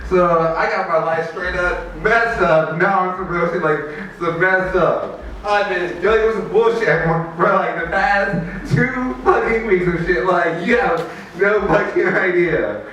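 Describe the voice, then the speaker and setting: A man's voice: high voice, a little slow, few pauses, a bit bright, slight background noise. A man doing rambling stand-up at an open mic, laughing at his own lines and swearing a lot. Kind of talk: stand-up storytelling. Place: small open mic venue. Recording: echoey room, heard from a distance.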